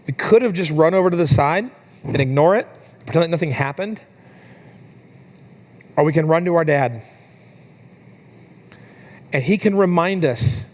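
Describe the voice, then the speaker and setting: A young adult man preaching a sermon in a church, telling a family story with lively, animated delivery. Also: a little high. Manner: storytelling, animated when quoting his daughter. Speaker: pastor.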